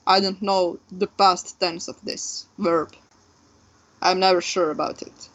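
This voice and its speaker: A woman's voice: lowish voice, steady tone, measured pace. A young woman from Croatia speaking English as a second language, chatting casually as a podcast co-host, rambling with lots of fillers and laughs. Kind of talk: casual chat. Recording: dull lo-fi sound.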